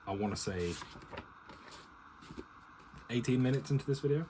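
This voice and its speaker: A man's voice: medium pitch, animated, moderate pace, noisy background. A man casually reading a novel aloud to his partner, stumbling on words, restarting and chatting in asides. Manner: stumbles, restarts and swears at misreadings.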